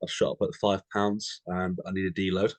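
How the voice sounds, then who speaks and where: Chatty young man, lowish voice, dry sound. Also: little pitch movement, moderate pace, dry recording. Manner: chatty, says mate constantly, tells anecdotes. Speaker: podcast co-host. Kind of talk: casual chat.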